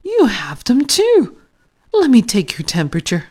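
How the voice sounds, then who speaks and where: A woman's voice: on the high side, wildly swooping pitch, a little slow, darkish tone, pitched above the performer's own voice, heavily acted. A woman voicing a kindly, fussing old grandmother in a storybook, drawn out and exclaiming.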